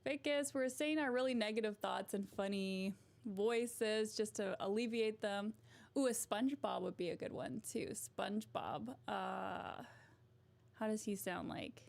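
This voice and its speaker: A woman's voice: mid-range voice, measured pace, creaky. Giggly woman chatting on a livestream. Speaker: livestream host. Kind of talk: casual livestream chat.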